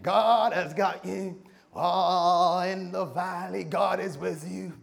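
A man imitating a fervent revival preacher, calling out drawn-out exclamations loudly and from a step back from the mic. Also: high-pitched, fairly even intonation, gravelly, faint music behind, pitched above the performer's own voice, heavily acted.

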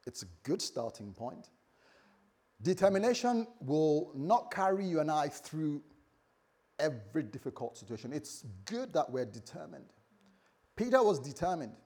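A man preaching a sermon as pastor, animated, swinging between loud bursts and quiet asides, often acting out the voices of others. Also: fairly high pitch, a little slow, pauses often, husky.

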